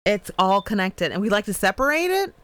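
A woman guest who researches trauma, explaining her work in an animated, storytelling way during a casual interview. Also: mid-range voice, a little fast, dry recording.

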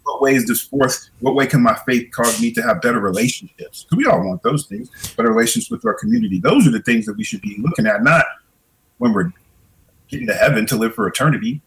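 Reflective man talking in a relaxed way. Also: medium pitch, fast, creaky, poor audio. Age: middle-aged. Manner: reflective, repeats words while thinking. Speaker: podcast guest. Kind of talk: casual podcast conversation.

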